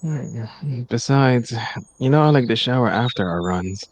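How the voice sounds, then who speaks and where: A man's voice: medium pitch, lively intonation, unhurried, lo-fi sound. A man voicing a sleepy, wry young man in a live story reading, joking dryly.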